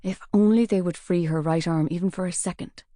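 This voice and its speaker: Mellow-voiced woman narrating an audiobook. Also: on the low side, steady tone, fairly quick, dry recording, clean studio sound. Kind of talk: scripted narration.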